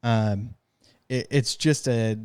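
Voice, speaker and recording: A man's voice: medium pitch, takes it slowly, a little mellow, smooth. A man co-hosting a podcast in casual chat, mostly agreeing but playing devil's advocate. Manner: brief agreeing replies, plays devil's advocate. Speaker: podcast co-host.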